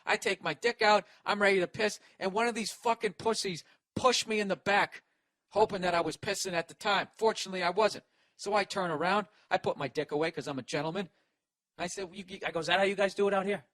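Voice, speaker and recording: A man in his forties, a podcast host, telling a story as a loud, profane comic rant. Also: sits high, fairly even intonation, fairly quick, no room sound. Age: 40s. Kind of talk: ranting comic monologue.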